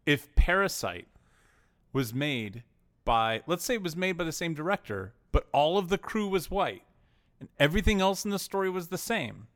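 A man's voice: on the high side, sing-song, moderate pace, a bit bright. A male co-host of a movie podcast who teases his partner and wanders off on tangents in casual chat.

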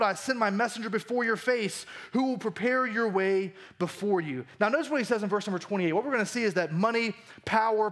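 A man preaching a conversational sermon as pastor in a church, swinging between emphatic lines and hushed ones. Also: high-pitched.

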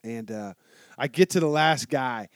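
A man telling a motorcycle story in casual chat, animated and swearing a lot. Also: medium pitch, a little slow, no echo, clean studio sound. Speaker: guest telling a travel story.

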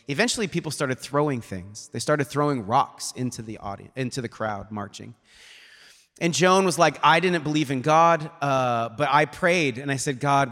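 A man of middle pitch preaches a sermon in a church, talking casually and retelling a story with plenty of "like" and quoted asides. His voice carries a long reverb tail from a large hall. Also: fairly bright tone. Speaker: guest preacher. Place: church sanctuary.

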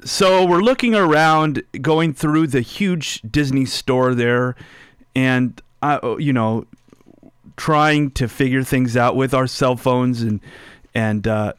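A man preaches a relaxed sermon at a slow, unhurried pace, speaking to listeners as if chatting with them. He often asks them questions and turns quiet and slow on his main points. The sound is dry and close, with no room echo. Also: medium pitch, clear, resonant tone. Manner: drops soft and slow on key phrases. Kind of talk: sermon with personal story.

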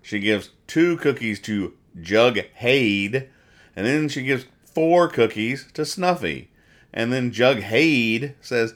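A man hosting a comedy podcast, talking through comic strips in a rambling, self-deprecating way. His voice is mid-pitched and moves up and down a lot, full of restarts and fillers. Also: lively intonation, slow, a bit bright. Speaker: podcast host. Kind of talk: casual comic-strip commentary.

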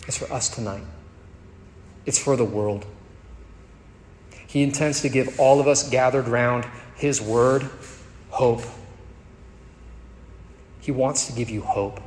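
A male pastor preaching a sermon, moving between soft tender passages and emphatic rising peaks. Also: medium pitch, a little hiss or hum. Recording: echoey hall with faint ambience.

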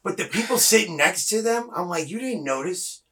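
A man's voice: high-pitched, normal speed. A man telling a rambling, profane work story in casual podcast chat, acting out the people in it. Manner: animated, swears freely, acts out dialogue. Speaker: guest.

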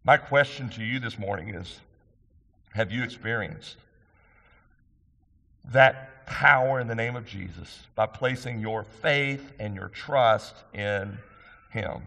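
A man's voice: on the low side, slow, gravelly, long pauses, pushed and bright. A middle-aged man pastor delivering an earnest, emphatic sermon, asking the congregation questions. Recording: long hall reverb.

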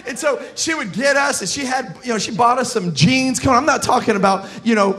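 A pastor from South Florida preaching a sermon, telling stories in an animated, joking way and shouting his punchlines. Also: very high voice, a little fast, few pauses.

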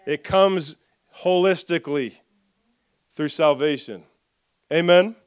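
Smooth high-voiced male preacher. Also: takes it slowly, no room sound, clean studio sound. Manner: call-and-response preaching, reads scripture aloud; lively, drops soft for asides. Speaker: pastor. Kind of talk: sermon.

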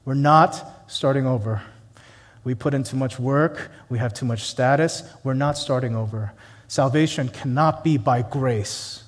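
A man voicing proud, stubborn religious elites who flatly refuse, speaking lower and slower. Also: close to an everyday voice. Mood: defiant.

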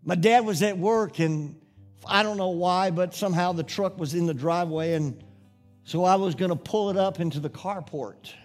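A man's voice: sits high, normal speed, soft background music. A middle-aged man preaching a sermon, telling a childhood story in a folksy way before building to fervent preaching. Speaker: pastor.

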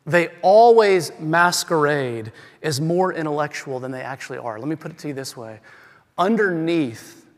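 A man's voice: a little high, animated, normal speed. A male pastor preaching a sermon, emphatic and repetitive, asking the congregation rhetorical questions. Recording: long hall reverb.

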